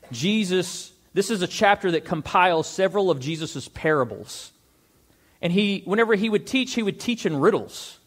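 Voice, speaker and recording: A male pastor preaching a sermon, reading scripture aloud and asking the congregation rhetorical questions. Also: a little high. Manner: reads scripture aloud, slows for stressed words.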